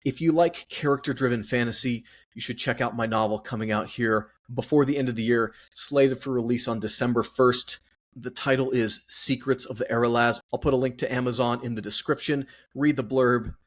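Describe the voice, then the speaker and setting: A man's voice: medium pitch, steady tone, fairly quick. A man hosting his own podcast, out of breath and chatty, rambling along in a self-deprecating way. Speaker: podcast host. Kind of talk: casual solo podcast monologue.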